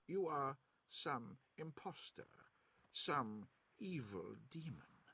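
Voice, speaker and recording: Frail old man, defiant, slow mournful lines, husky voice, read by a man. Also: medium pitch, big pitch swings, bright, forceful tone, full character voice.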